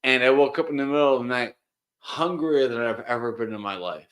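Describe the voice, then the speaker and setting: A man in casual conversation, telling a story from when he was a kid. His voice sits in an ordinary middle pitch, and he acts out the lines people said to him with lively swings. He often stops and restarts his sentences. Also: brisk.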